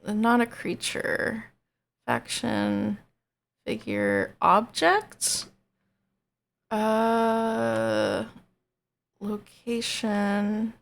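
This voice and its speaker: A woman's voice: medium pitch, vocal fry. A woman streamer in casual, rambling chat, hesitant and self-deprecating.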